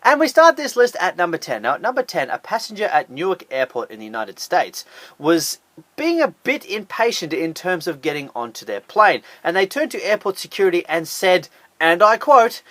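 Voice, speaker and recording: A man's voice: high-pitched, very animated, normal speed, sharp tone, no echo. A man hosting a scripted top ten countdown, talking in a sarcastic, incredulous way. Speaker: host of a top ten list channel. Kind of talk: scripted list commentary.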